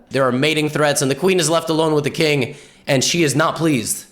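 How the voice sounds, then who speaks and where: A man's voice: fairly high pitch, steady tone, a little fast. A man giving joking chess commentary in a playful, wisecracking way. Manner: playful, wisecracking, jumps into silly voices. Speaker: chess YouTuber.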